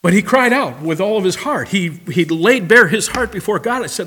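A man's voice: high voice, expressive, moderate pace, pushed and bright, a little hiss or hum. A man preaching a sermon, reading scripture aloud and addressing the congregation directly, rising to impassioned cries. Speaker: pastor.

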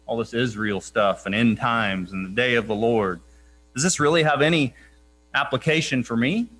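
A man preaching a sermon, earnest and emphatic, slowing down to press key points and quoting scripture with weight. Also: mid-range voice, bright, forceful tone.

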